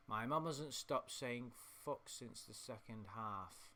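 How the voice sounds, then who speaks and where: A man's voice: mid-range voice, takes it slowly, fairly bright tone, a little hiss or hum. An English man reading out chat logs and ranting in a sweary, mocking, rambling way. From England. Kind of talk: casual reading and ranting commentary.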